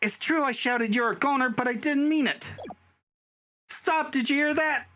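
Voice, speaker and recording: A man's voice: extremely high pitch, moderate pace, bright, forceful tone, slight background noise, voice pushed up. A man voicing a distraught young female college student in a game, stammering and pleading. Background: game music.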